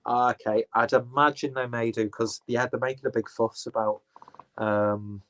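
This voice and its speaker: A man's voice: mid-range voice, fairly even intonation, normal speed, a bit bright. A man chatting casually through an unboxing, rambling, swearing and correcting himself as he goes. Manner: rambling, profane, self-correcting. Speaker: beer reviewer.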